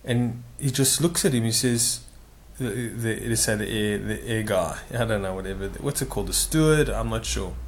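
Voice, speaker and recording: A man's voice: fairly low pitch, moderate pace, slight background noise. A man casually telling a long personal anecdote, rambling and correcting himself with frequent asides. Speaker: storyteller.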